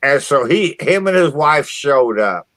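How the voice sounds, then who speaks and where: A man's voice: a little high, animated, measured pace, fairly bright tone, no room sound. A man from southern Indiana hosting a casual chat, swearing freely and stumbling over restarts. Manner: profane, stammering restarts. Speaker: podcast host.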